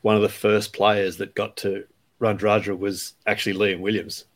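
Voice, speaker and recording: A man's voice: lowish voice, level tone, moderate pace. A man hosting a rugby podcast, chatty and easygoing, who laughs easily and steers the talk. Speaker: rugby writer, podcast host. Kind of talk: casual podcast chat.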